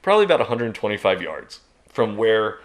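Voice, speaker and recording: Animated man telling a hunting story. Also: fairly quick. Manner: lively, laughing, jumps into loud high shouts when acting out the story. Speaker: podcast guest.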